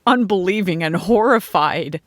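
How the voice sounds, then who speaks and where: A woman voicing a brisk, teasing, practical friend who loves sharing news. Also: on the low side, lively intonation, dry recording, studio quality, natural voice.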